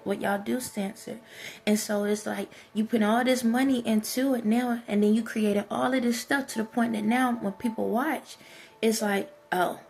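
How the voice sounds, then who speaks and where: Chicago woman vlogging, fairly high voice, animated rant with lots of rhetorical questions, light music bed. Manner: animated, rhetorical questions, talks straight to viewers. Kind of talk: casual opinion rant.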